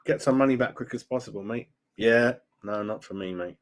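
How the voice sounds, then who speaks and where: A middle-aged man with a medium pitch hosts a fan live stream, talking fairly quickly as he reads viewer comments. He chats in an opinionated way and tags his lines with "mate" and "right?".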